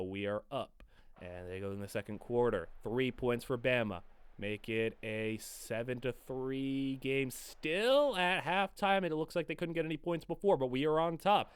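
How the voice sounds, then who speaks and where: A hoarse young man giving excited commentary over a football video game, yelling at big plays and muttering between them. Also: medium pitch, slight background noise. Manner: yells and groans over plays, swings from hoarse mutter to shouting. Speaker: gaming YouTuber.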